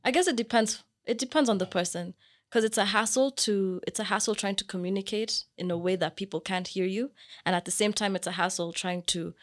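A woman's voice: medium pitch, a little fast. A young woman from Kenya, co-hosting a casual podcast chat, laughing often and mimicking people's reactions as she tells stories.

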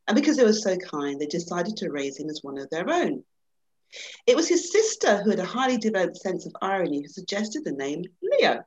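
A woman's voice: medium pitch, highs cut off. A middle-aged woman, a panel guest, who talks reflectively and then reads a story aloud with dramatic swings over a video call.

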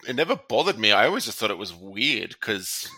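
A man's voice: lowish voice, very animated, a little fast, pushed and bright, husky. A man with an Australian accent chatting casually and animatedly, repeating words as he gets going. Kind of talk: casual podcast chat.

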